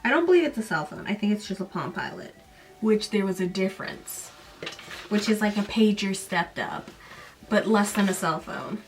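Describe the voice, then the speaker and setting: A woman's voice: mid-range voice, normal speed, distant mic. Sarcastic woman recapping a book. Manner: sarcastic, animated, mocking asides. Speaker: podcast host. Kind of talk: casual book recap and commentary.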